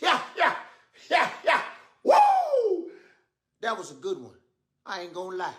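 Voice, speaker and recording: A comedian doing an impression of a famous male TV host, indignant and boastful, rambling in drawn-out asides. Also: very high voice, huge pitch swings, fairly bright tone, exaggerated voice. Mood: mock indignant. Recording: roomy echo in a played clip.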